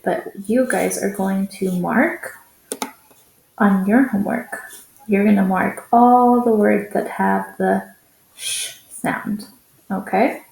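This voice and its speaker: Slow, gravelly-voiced woman teacher, echoey room. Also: medium pitch, darkish tone. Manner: patient, sounds out words slowly. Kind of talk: recorded reading lesson for young children.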